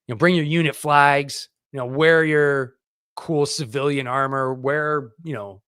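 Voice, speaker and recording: A middle-aged man from Canada, a veteran host speaking alone to his audience in a plainspoken, emphatic way, with sudden loud bursts as he rallies people to show up. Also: fairly even intonation, a little slow, no echo, clean studio sound. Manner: emphatic, rallying, loud bursts of pitch and volume; rough, plainspoken, curses. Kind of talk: impassioned solo talk to camera.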